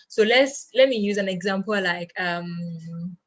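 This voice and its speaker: A woman's voice: medium pitch, measured pace, muffled recording. A woman teaching an online language lesson, explaining step by step and answering her own questions as she goes.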